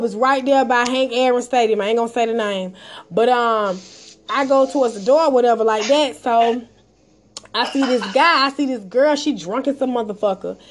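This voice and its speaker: A woman hosting a live audio show, telling a story casually, profane and animated, acting out the dialogue. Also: on the high side, slight background noise.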